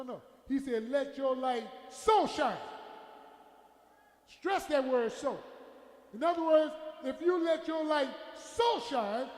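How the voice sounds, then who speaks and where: A man preaching a sermon as pastor, shouting out lines to the congregation and dropping to quieter asides. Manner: preaching with shouts and call-and-response, drops to a low aside. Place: church sanctuary. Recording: echoey hall with long reverb.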